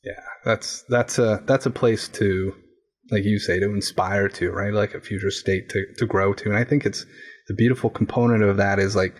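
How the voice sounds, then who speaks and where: Male leadership coach, husky voice, thoughtful and searching. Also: on the low side, fairly even intonation, moderate pace. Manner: reflective, searching for words with many restarts and "like". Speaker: coach and podcast guest. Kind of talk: casual podcast conversation.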